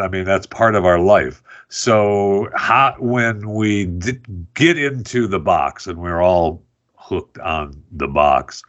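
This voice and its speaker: Male radio host with a low voice; rambling, casual interviewer, slightly muffled lo-fi audio. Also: a bit bright. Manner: rambling, many fillers and restarts.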